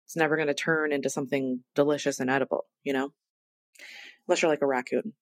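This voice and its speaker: A woman's voice: extremely low pitch, fairly even intonation, quick pace, no echo. A woman hosting her own podcast, talking casually and chattily in a self-deprecating, rambling way. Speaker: podcast host. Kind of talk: casual solo podcast intro.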